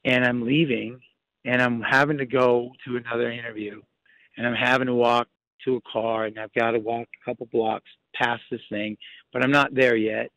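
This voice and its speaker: A young man calling in by phone, retelling a frightening night in halting, restart-filled speech. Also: mid-range voice, flat delivery, a bit bright, no echo. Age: young adult. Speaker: phone-in guest. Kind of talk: emotional first-hand account. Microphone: phone call. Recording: muffled phone line.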